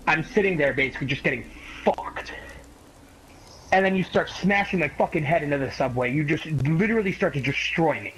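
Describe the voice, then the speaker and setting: A young man casually telling a long story to a friend in a rambling, profane, animated way. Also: a little high, a little hiss or hum, low-quality recording.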